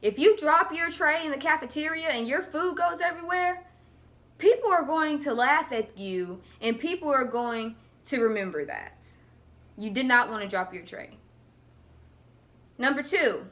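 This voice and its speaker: A woman's voice: high-pitched, measured pace. A young woman telling a funny story in a vlog, acting out what people said in different voices. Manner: animated, acts out quotes in voices. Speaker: vlogger.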